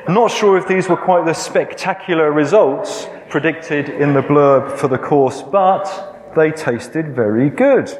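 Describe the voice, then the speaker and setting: A man in his sixties, a preacher telling a story in a sermon, self-deprecating and gently humorous, with many fillers. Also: on the high side, slight background noise. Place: church hall. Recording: echoey hall.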